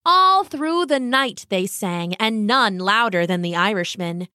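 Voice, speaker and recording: A woman narrating a storybook tale in a gentle, expressive way. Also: mid-range voice, unhurried, no room sound, clean studio sound.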